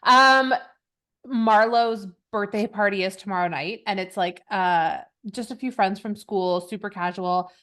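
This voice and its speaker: A woman in her thirties co-hosting a podcast, chatting casually with quick laughs and self-mocking asides. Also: medium pitch, bright, forceful tone. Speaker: podcast co-host. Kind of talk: casual chat.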